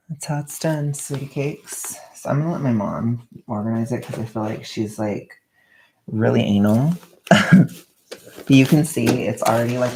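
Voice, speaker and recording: A young woman with a strikingly deep voice and a gravelly, fry-heavy edge chats while wrapping presents at home. She rambles along in a quiet, soft-spoken way. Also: a little hiss or hum. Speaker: vlogger. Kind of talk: casual chat while wrapping gifts.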